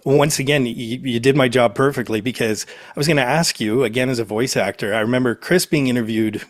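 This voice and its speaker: A man from Canada interviewing a guest, asking enthusiastic, halting questions. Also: medium pitch, steady tone, no room sound, studio quality.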